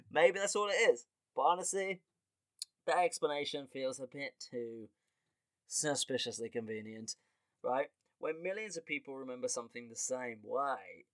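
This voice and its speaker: A man hosting a podcast as a casual comedic monologue, animated and quick to laugh, with casual swearing. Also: mid-range voice, no room sound. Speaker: podcast host.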